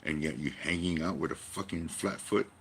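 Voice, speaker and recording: A man with an extremely low, gravelly voice talks straight to the camera in a rambling monologue. He is emphatic and swears freely, firing off rhetorical questions. A faint hum of noise sits under his voice. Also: moderate pace. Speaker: vlogger.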